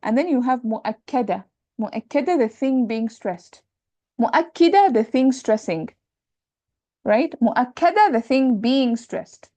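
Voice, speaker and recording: A woman's voice: fairly high pitch, moderate pace, warm tone, no echo, lo-fi sound. A woman teaching Arabic grammar, explaining patiently and checking in with her students. She switches between English and Arabic terms and repeats them often. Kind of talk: lecture on Arabic sentence parsing.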